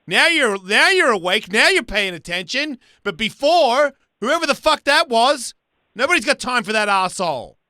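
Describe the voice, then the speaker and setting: A man's voice: very high voice, sing-song, normal speed, pushed and bright, dry recording. A man hosting a call-in radio show, blunt, profane and needling his callers. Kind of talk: brash call-in radio banter. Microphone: studio microphone.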